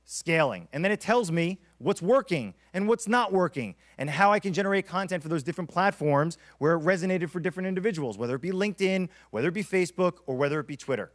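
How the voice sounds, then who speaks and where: Brief: male keynote speaker, quick delivery, slightly higher voice, lively storyteller. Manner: energetic, storytelling, acts out quotes. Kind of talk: conference keynote talk.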